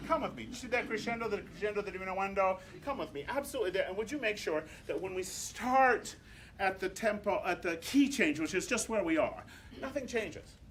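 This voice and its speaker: Animated high-voiced choir conductor. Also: male voice, a little fast, noisy background. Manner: animated, demonstrative, sings examples. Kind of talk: rehearsal coaching.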